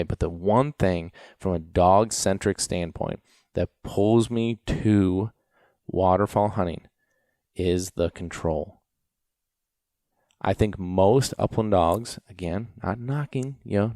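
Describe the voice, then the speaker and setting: A man's voice: low-pitched, warm tone, no room sound, studio quality. A man hosting a podcast as a dog trainer, rambling through stories with lots of restarts and fillers. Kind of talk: casual podcast talk.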